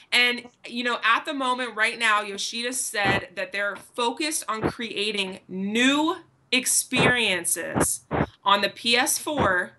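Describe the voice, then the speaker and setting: Female podcast co-host, conversational, noisy line. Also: mid-range voice. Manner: chatty, raises a topic for discussion. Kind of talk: casual chat. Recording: audible background noise.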